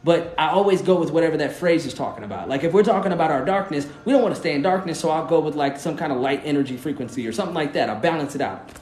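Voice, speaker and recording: A man's voice: fairly high pitch, animated, rapid-fire, a little mellow. A man hosting a live stream, talking in a loose, rambling and earnest way, encouraging his listeners. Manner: loose, rambling, often asks "you know what I mean". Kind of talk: casual live-stream talk. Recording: roomy echo, faint music.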